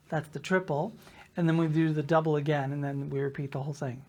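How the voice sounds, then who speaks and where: A woman's voice: low-pitched, little pitch movement, fast talker, mellow, dull audio. A woman teaching a drum lesson, patiently counting rhythm patterns aloud in a sing-song way. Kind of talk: instructional lesson.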